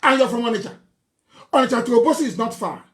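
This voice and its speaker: Nigerian man delivering a fiery political broadcast; mocking tone, hammering repetition, sudden shouts. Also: extremely high pitch, fast talker. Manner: fiery, mocking, scornful laughter, repeats phrases, bursts into shouting. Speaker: political activist leader.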